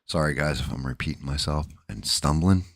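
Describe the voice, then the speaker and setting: A groggy man hosts a casual livestream chat, his voice sitting very low. He rambles bluntly, swears freely and restarts his sentences. The sound is dry and close, with no room around it. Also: brisk, no room sound. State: groggy, just woke up. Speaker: livestream host.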